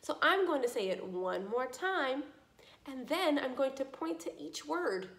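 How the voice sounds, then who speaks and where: Woman, high animated voice, encouraging speech lesson for kids, echoey room. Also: creaky. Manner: slow, encouraging, drawn-out modeling of sounds. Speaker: speech therapist. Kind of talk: speech practice lesson for children.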